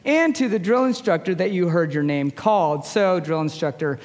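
A man in his forties with a high voice delivers a storytelling sermon as a chaplain. He talks conversationally and pokes fun at himself. His voice rings through the long reverb of a large hall. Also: lively intonation, moderate pace. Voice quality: high-pitched voice. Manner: conversational, self-deprecating humor. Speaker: chaplain preaching.

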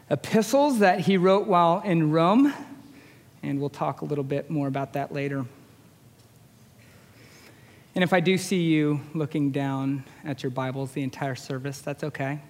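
High-voiced guy in his 40s preaching a sermon, chatty and self-mocking, big echoey church hall. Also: measured pace, pauses often, darkish tone. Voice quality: high-pitched voice. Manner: conversational, self-deprecating humor. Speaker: chaplain preaching. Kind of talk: storytelling sermon. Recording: long reverb of a large hall.

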